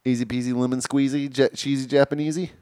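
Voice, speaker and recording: A man's voice: medium pitch, little pitch movement, quick pace, warm tone, clean tone, dry recording, studio quality. A man co-hosting a casual podcast, teasing his partner with crude jokes and laughing often. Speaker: podcast co-host.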